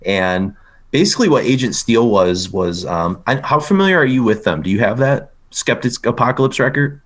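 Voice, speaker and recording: A man's voice: mid-range voice, expressive, normal speed, a bit bright. A man hosting a casual music podcast, talking loosely with many fillers and restarts. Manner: rambling, lots of fillers and restarts. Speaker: podcast host.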